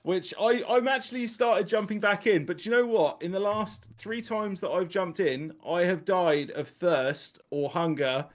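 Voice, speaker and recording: A man hosting a casual podcast, talking in a rambling, animated way and laughing often. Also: sits high, moderate pace, hardly any pauses. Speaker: podcast host.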